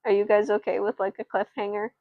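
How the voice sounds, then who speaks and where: A woman's voice: mid-range voice, level tone, fast talker, no echo, narrow, tinny audio. A sleepy woman narrating a doll story on a live stream, rambling and chatting with viewers. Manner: rambling, with restarts and asides to viewers.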